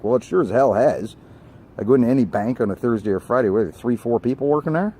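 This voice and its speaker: A man's voice: medium pitch, animated, very fast, dark tone, a little hiss or hum. An older man and network engineer delivering a blunt, emphatic rant outdoors by a street, swearing casually as he goes. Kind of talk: ranting vlog monologue.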